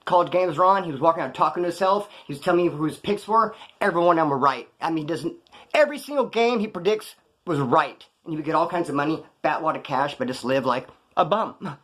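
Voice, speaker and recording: A middle-aged storyteller rattles off tales from his past at a rapid pace, his voice sitting a bit high for a man. He keeps things animated and casual with loose street slang, slipping into other people's voices whenever he quotes them.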